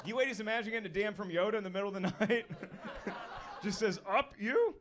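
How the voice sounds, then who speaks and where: A man's voice: sits high, fairly even intonation, racing. A man doing a stand-up comedy set on a club stage, talking in a punchy, conversational way and working the crowd. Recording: noisy live club recording.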